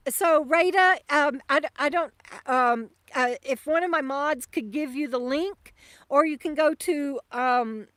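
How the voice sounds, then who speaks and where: A high-voiced woman chats casually through a livestream, stumbling over fillers and restarts. Her voice sounds close and dry despite being outdoors by a lake. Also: no room sound. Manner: chatty, halting with many fillers and restarts; soft baby talk to her dog. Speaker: RV vlogger hosting a livestream. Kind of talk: casual live-stream chat. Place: outdoors at a lakeside campsite.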